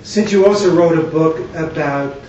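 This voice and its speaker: A man's voice: a little high, normal speed, darkish tone, slight background noise. An older man in the audience asking a question, a little hesitant with fillers. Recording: echoey hall, distant dull mic.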